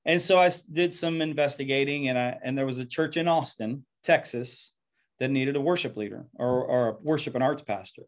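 A man's voice: mid-range voice, a little fast. Earnest man pastor telling his story. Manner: earnest, reflective, often repeats words as he talks. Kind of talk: personal storytelling interview.

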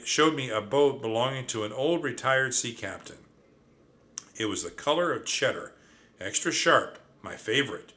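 A man reading a children's storybook aloud in an expressive first-person narration. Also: lowish voice.

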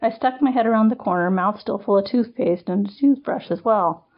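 A woman's voice: mid-range voice, fairly quick, lo-fi sound. A woman podcast host reading a first-person story aloud in a conversational, wry storytelling manner.

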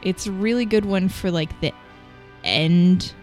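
Slow-talking, giggly woman in her thirties. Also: lowish voice, soft background music. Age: 30s. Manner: relaxed, giggly, rambling. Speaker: podcast co-host. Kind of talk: casual chat.

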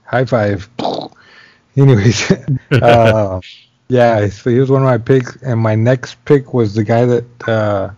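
A man's voice: mid-range voice, steady tone, takes it slowly, darkish tone, no room sound. A man chatting casually as a podcast co-host, easygoing and a bit unsure, trailing off. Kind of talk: casual chat. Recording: dull, lo-fi mic.

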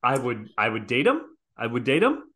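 Guy cohost riffing, bright tense voice, pitch bouncing all over. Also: huge pitch swings, moderate pace. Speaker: podcast co-host. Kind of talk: casual chat.

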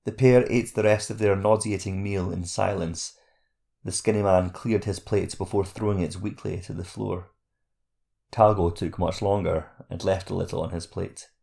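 A man narrating a fantasy audiobook chapter in a steady, measured reading voice. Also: deep voice, vocal fry.

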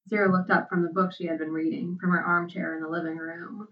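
A woman narrating a story aloud in an unhurried, soft-spoken way. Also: lowish voice, little pitch movement. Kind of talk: storybook reading. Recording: dull, distant sound.

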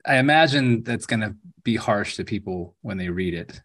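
A man's voice: lowish voice, expressive, normal speed, a bit bright. A man co-hosting a casual faith podcast, reflective and hesitant, often repeating words. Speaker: podcast co-host.

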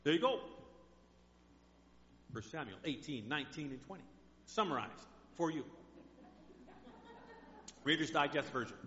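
A man's voice: on the high side, lively intonation, a little slow, long pauses, a bit bright. A male pastor delivering a sermon in a chatty storytelling manner in a church. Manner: conversational storytelling. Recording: dull echoey hall.

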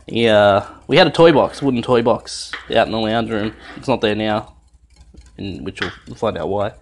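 A young man, a dad telling a family story in a lively, laughing way, swearing freely while he cooks at home in the kitchen. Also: on the low side, moderate pace, slight background noise. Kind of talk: animated casual storytelling.

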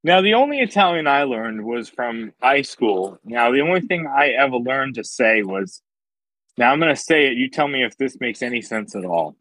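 A man co-hosting a casual podcast chat, joking around in a lively way. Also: moderate pace, no echo, low-quality recording. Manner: lively, jokey, swoops in pitch. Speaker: podcast co-host.

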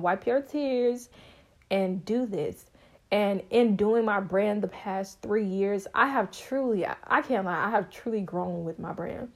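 Bubbly and talkative, the young host of her own podcast shares her story casually. Her expressive voice keeps shooting up into sudden high notes.

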